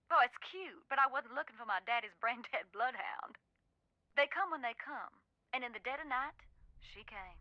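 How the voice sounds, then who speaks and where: A dramatic Southern woman who talks with ghosts in a mystery video game. She drawls in an old-fashioned, theatrical way with a bright, crisp tone. The game audio is dry and a little dull. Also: on the high side, dry recording.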